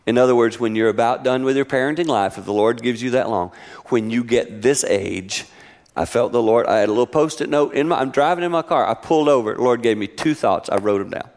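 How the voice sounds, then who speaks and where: A middle-aged man preaching a sermon, telling family stories with lively acted-out voices. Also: a little fast. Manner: animated storytelling, acting out voices with high-pitched exclamations. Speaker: pastor.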